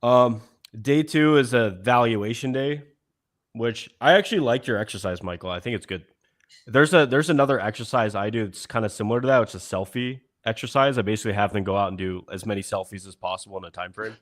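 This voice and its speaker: Casual man with halting, filler-heavy delivery. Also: lowish voice. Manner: casual, hesitant, many fillers. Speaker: dating coach. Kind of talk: panel discussion.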